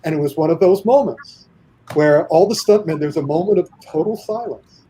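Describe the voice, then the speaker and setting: A man telling an animated anecdote in a casual podcast chat, acting out the voices of the people he quotes. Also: on the high side, normal speed, slight background noise, rough recording. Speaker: guest storyteller.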